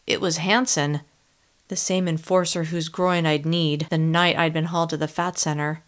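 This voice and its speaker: A woman narrating a first-person audiobook in an expressive, tense storytelling manner. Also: low voice, normal speed.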